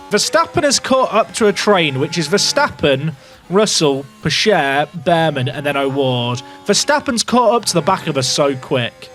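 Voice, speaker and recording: A young man with a fairly high voice runs excitable live commentary on a racing game for his chat. He drops into nervous, muttered asides and then bursts into shouts, with faint music playing underneath. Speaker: gaming YouTuber.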